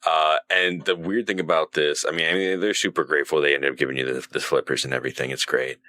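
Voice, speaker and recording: A man's voice: a bass voice, fairly even intonation, fast, pushed and bright. A man co-hosting a casual gaming podcast, rambling and laughing as he retells scenes. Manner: rambling, laughs often, acts out game characters. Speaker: podcast co-host.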